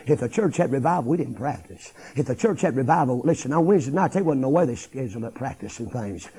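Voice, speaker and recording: A middle-aged man preaching a revival sermon, swinging from hushed tones to shouting. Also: medium pitch, expressive, quick pace, few pauses, husky, low-quality recording.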